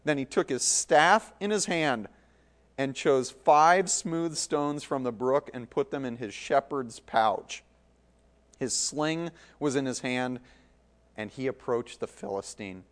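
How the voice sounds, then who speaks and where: A man reading a scripture passage aloud in a measured way, adding casual asides of commentary. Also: mid-range voice. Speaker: Bible teacher.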